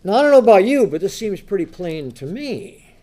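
Male preacher, slightly high and very animated, emphatic scripture reading with rhetorical asides. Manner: animated, rhetorical questions, shifts between loud reading and low asides; reads scripture in slow, emphatic tones.

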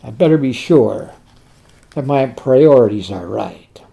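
A man preaching a sermon. He poses rhetorical questions and answers them himself, and slows to a soft voice on tender words. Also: medium pitch, lively intonation, creaky, husky, muffled recording.

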